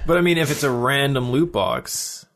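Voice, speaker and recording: A man co-hosting a casual gaming podcast, relaxed and a little hesitant. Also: medium pitch, normal speed, creaky. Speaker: podcast co-host.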